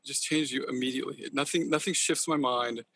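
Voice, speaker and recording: Man, husky voice, quick rambling talk, passionate, casual interview chat. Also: medium pitch, steady tone, sharp tone. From Northern California. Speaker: podcast guest, company founder.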